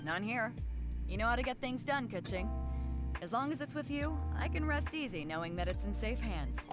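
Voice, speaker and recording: A woman's voice: a little high, animated, normal speed, close to an everyday voice. A woman playing a brash, easygoing female sea captain who talks bluntly and teases. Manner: blunt, teasing, colloquial. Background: game music.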